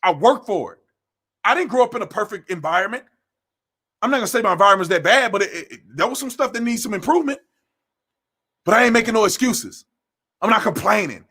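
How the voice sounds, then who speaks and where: A man with a fairly high voice scolds his listeners in a blunt, impassioned monologue. He hammers each point home with a preacher's cadence, repeating phrases. He sounds like a young adult. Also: very animated, a little fast, long pauses, a bit bright, husky. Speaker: commentator hosting his own show.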